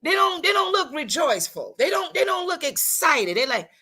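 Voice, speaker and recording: Woman, motivational talk-show host, high voice, very animated, preacherly, repeats herself. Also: normal speed. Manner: preacherly, repeats lines, acts out people's talk.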